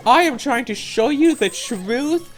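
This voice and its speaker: A sneering, self-important arguer who insists they are above it all, as a woman mocks them mid-commentary. The voice pushes loud and high with big, lively swings in pitch, dripping with smugness. Faint game music sits underneath. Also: measured pace. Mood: smug sneering. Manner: smug, mocking, loud and sneering. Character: arrogant, condescending online arguer of unstated sex.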